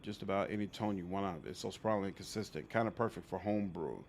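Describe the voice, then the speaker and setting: A man's voice: deep voice, quick pace, a little hiss or hum. A man casually commenting on his game while chatting with viewers on a livestream. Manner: chatty, greets chat, reacts aloud while playing. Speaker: streamer.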